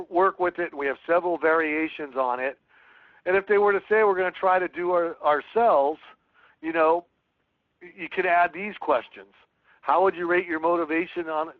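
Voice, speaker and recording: A man's voice: on the high side, no room sound. A man teaching a real estate sales webinar, coaching earnestly and reading sample phone scripts aloud. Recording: tinny phone-like line.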